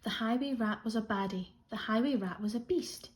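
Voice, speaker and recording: Expressive Scottish woman teacher reading. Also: fairly high pitch, brisk. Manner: expressive rhythmic read-aloud. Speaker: primary school teacher. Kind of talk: children's storybook reading.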